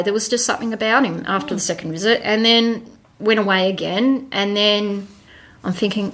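A woman, a podcast guest chatting through a personal story and acting out the voices in it. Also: fairly bright tone. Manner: chatty, acts out voices in her story with quick pitch jumps. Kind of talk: casual storytelling.

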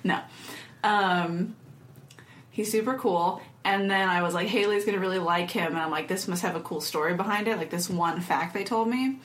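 A woman's voice: fairly low pitch, moderate pace. A young woman co-hosting a casual chat podcast, telling a rambling story with lots of giggles and "like"s. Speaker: podcast co-host. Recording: echoey room with faint noise.

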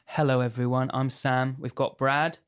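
Male radio host, mid-pitched, dry and wry, casual studio chat. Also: level tone, normal speed, clear, resonant tone. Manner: dry, wry, rambling asides. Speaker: radio show host and band member.

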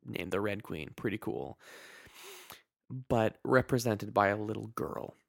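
Man, low voice, animated pitch, gravelly, blunt podcast co-host. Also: a little slow, dry recording, clean studio sound. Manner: blunt, swears, mock-quotes characters. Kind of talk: casual film review chat.

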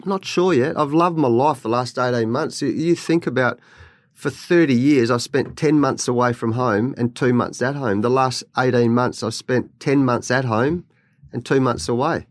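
Animated Australian man telling stories. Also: medium pitch, normal speed, dry recording, clean studio sound. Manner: animated storyteller, laughs often. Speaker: guest, former cricket coach. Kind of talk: podcast interview chat. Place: studio.

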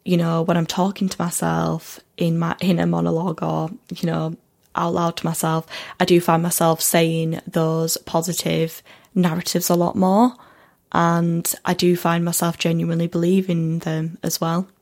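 A woman hosting her own podcast, talking through a personal reflective monologue in an earnest, gentle way, with many "you know"s and "like"s. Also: lowish voice, monotone, normal speed, vocal fry. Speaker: podcast host.

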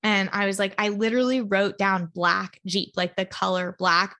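A woman of middle pitch speaks in a relaxed solo podcast talk. She is chatty and heartfelt, leaning into spiritual ideas, and scatters "like" through her sentences. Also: normal speed. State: emotional, near tears at times. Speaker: podcast host. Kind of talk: casual solo podcast monologue.

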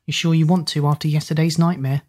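A woman's voice: low-pitched, steady tone, quick pace, darkish tone. A woman voicing a troubled, moody schoolgirl, sulky and nervous.

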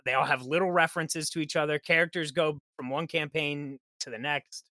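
A man on a podcast chatting as a guest game master, telling lively stories and acting out what his players and characters said. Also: on the high side, brisk, no room sound. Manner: lively storyteller who acts out quoted characters. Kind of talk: casual podcast chat.

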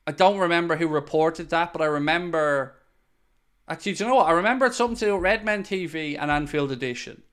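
A man's voice: a little high, a bit bright, smooth. A man hosting a casual live-stream podcast, answering viewer comments bluntly and swearing when worked up.

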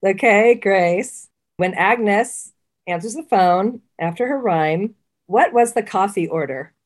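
A woman's voice: medium pitch, takes it slowly. A woman co-hosting a casual podcast chat, talking freely and often restarting her sentences. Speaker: podcast co-host. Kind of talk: casual chat and trivia quizzing.

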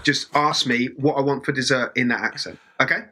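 A middle-aged man chats as a podcast guest. His voice is bright with a husky edge. He talks in a relaxed, teasing way. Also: mid-range voice, fairly quick. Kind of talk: casual chat.

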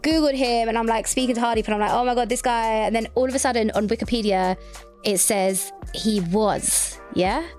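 A woman's voice: on the high side, steady tone, fairly quick, a little mellow, soft background music. Girlish-voiced young woman. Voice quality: girlish, childlike voice. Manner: giggly, chatty. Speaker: podcast co-host. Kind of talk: casual chat.

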